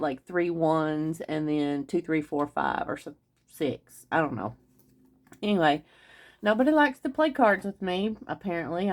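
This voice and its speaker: A woman chatting casually through a craft video, rambling and talking straight to her viewers. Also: on the low side. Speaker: craft vlogger.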